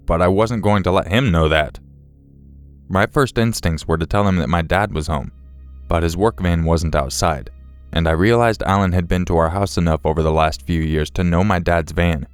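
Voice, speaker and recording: A man narrating true horror stories in a steady, measured, scripted read. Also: low voice, clear, resonant tone, no echo. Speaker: story narrator.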